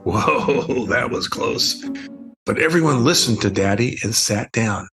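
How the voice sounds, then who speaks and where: An older man reading a bedtime story aloud in a gentle, expressive storytelling manner. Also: medium pitch, a little slow. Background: soft music.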